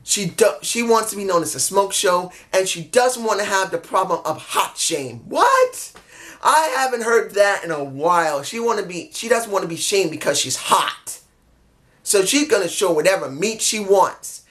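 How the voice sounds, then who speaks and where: A man giving a casual solo review of a wrestling show, rambling and excitable, often losing track of names. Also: sits high, normal speed.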